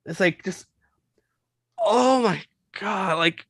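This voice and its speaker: Stammering man with a slightly high voice. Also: slow, fairly bright tone, no room sound. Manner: stammering, repeats words while searching for them. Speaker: wrestling podcast co-host. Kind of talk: casual chat.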